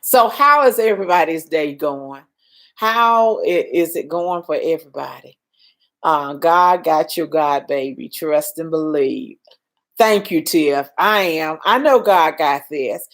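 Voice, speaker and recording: A shaken older woman hosts a casual live stream and speaks slowly in a lowish voice. She answers viewers' comments with reassurance while she tries to settle her nerves. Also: expressive, fairly bright tone. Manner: emotional, reassuring, reads viewer comments aloud. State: shaken, calming down.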